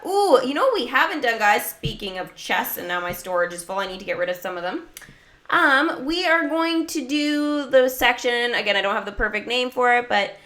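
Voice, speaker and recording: Bright-voiced woman gaming streamer. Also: a little high, animated, normal speed. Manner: chatty, talks to chat and viewers. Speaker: gaming livestreamer. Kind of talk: casual livestream commentary.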